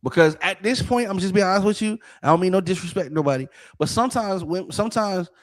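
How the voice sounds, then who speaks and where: A man from Florida with a notably high voice spins a story on a casual podcast. He swears constantly and keeps the telling animated, checking in with his listeners over and over. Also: quick pace. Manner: profane and animated, repeating "you know what I'm saying". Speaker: podcast co-host.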